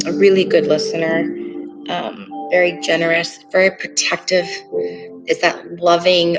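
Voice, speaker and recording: A woman giving a tarot reading, speaking in a halting, hesitant way with many pauses and fillers. She sounds earnest and emotional as she talks through the cards. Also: fairly low pitch, vocal fry, rough recording. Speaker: tarot reader. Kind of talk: tarot card reading to camera. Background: soft meditation music.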